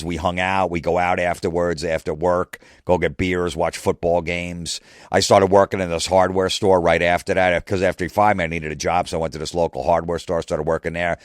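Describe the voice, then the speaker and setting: Deep-voiced man telling a profane comic story. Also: no room sound, clean studio sound. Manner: casual, profane, rambling. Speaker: comedian podcast host. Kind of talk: comedic storytelling.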